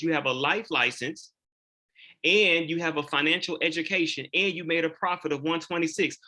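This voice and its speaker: A man's voice: on the high side, pushed and bright. A man sharing his sales closing lines in a training session, emphatic and repeating his key questions. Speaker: insurance agent presenting sales training.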